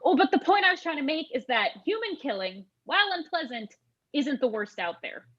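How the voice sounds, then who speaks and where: A woman's voice: high voice, big pitch swings, a little fast, a bit bright, dull audio. A young actress playing an earnest young woman terrified of chimpanzees, speaking in an overly formal, dramatic manner. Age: young adult. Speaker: actor in a student comedy sketch. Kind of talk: stage comedy dialogue.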